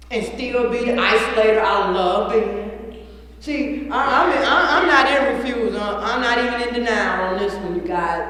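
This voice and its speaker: A woman's voice: mid-range voice, fairly bright tone. A woman giving a personal recovery testimony to a room, blunt and earthy, swearing and laughing as she talks. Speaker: recovery meeting speaker. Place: large meeting room. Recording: echoey room from far off.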